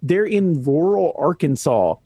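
A man's voice: on the high side, big pitch swings, unhurried, warm tone, husky, no room sound, clean studio sound. A man co-hosting a film review podcast, recapping scenes casually and laughing as he talks. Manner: chatty, laughs mid-sentence while recapping. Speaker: podcast co-host.

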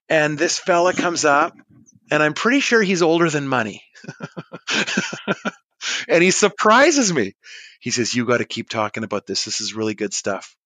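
A man's voice: on the high side, dry recording. Forty-something guy spinning a story, chatty, dry close sound. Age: 40s. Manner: animated, chatty, acts out quoted dialogue. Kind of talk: storytelling monologue.

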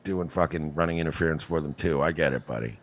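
A man's voice: very deep voice, fast. A man co-hosting a podcast, joking in a mock-angry, petty, profane way. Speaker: podcast co-host. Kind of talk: casual chat.

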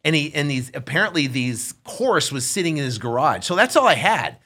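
Bright-voiced animated male storyteller. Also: fairly high pitch, fairly quick, husky. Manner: animated storyteller, acts out quotes. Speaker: real estate investor guest. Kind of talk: casual storytelling interview.

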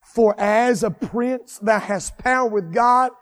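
A man preaching a sermon with fervent, repetitive cadences that swell into shouts. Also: very high voice, slow, long reverb tail.

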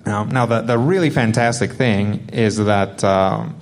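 Rambling low-voiced man on a panel. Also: unhurried. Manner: rambling, filler-heavy, chuckling. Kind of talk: panel Q&A answer, casual.

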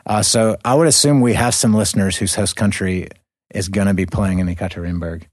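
A male podcast host asks questions and drops in quick, encouraging affirmations. His voice sits fairly low. The recording is dry and close. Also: fairly even intonation, a little mellow, dry recording. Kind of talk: casual interview chat.

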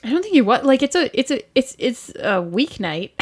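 Player, woman, slow and deliberate, slightly high, laughs a lot. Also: big pitch swings, slightly rough. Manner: laughs often, earnest in character. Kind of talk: playing a tabletop game.

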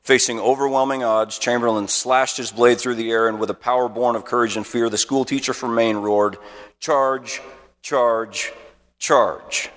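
A man's voice: medium pitch, steady tone, a little fast, hardly any pauses, a bit bright, in a large hall. A man, a pastor, preaching a sermon by telling a battle story with vivid dramatic narration. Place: church auditorium.

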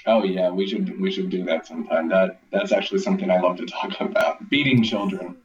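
A man co-hosting a podcast in casual chat, cracking dry, teasing deadpan jokes. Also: sits low, fairly quick, far from the mic, lo-fi sound. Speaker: podcast co-host. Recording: echoey, off-mic, with crowd noise.

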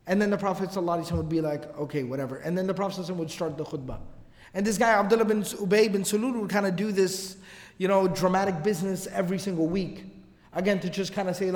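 A man teaching a casual religious lecture, his voice pitched high and his words tumbling out quickly. He tells the story with animated energy and drops in slangy, joking asides. A long reverb from a hall trails behind him.

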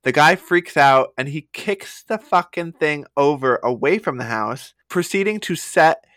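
A man co-hosting a podcast, telling stories in casual comedic chat, animated, swearing and acting out quotes. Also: a little high, unhurried, no room sound. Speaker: podcast co-host.

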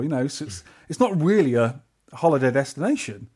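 A man with a London accent, co-hosting a podcast and telling a trip story in casual chat, animated and acting out the people he met. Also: medium pitch, a little fast, slightly rough. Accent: English, London. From England. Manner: animated, acts out quoted voices. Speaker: podcast co-host.

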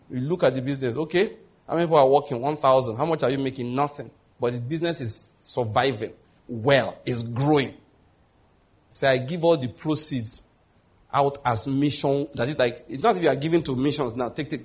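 Husky-voiced man preaching a sermon. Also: on the high side. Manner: conversational preaching, rhetorical questions. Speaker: pastor.

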